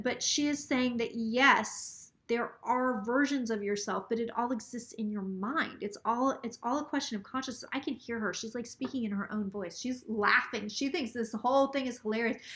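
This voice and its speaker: A woman's voice: fairly high pitch, moderate pace, hardly any pauses, a bit bright. A woman psychic on a casual live stream, a little tipsy, relaying a spirit's words in a rambling, swearing way. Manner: rambling, swears freely, quotes the spirit aloud.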